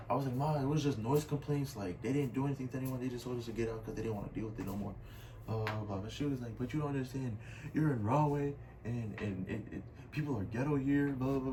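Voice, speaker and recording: A young man, casually telling a storytime, full of slang and "I was like.". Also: mid-range voice. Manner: slangy, says "bro" and "I was like" a lot. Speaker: storytime vlogger. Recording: somewhat distant mic with faint room noise.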